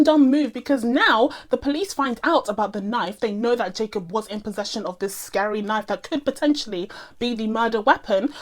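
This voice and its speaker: Animated, laughing young woman reviewer. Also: a little high. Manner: animated, laughs often, acts out characters' lines. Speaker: film and TV reviewer. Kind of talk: casual spoken review.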